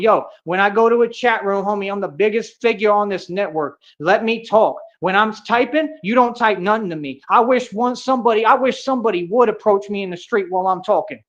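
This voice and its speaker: A man on a livestream, ranting in a confrontational, boastful way, full of street slang and 'bro' and 'real talk'. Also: high-pitched. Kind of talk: heated livestream rant. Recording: dull lo-fi stream audio.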